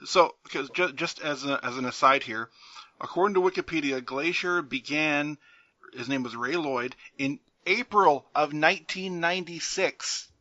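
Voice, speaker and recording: A man's voice: fairly high pitch, moderate pace, bright, forceful tone, no room sound, lo-fi sound. A man co-hosting a podcast, recapping a match in a joking, laugh-filled way. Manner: jokey play-by-play recapping, laughs often. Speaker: podcast co-host. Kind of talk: casual wrestling recap chat.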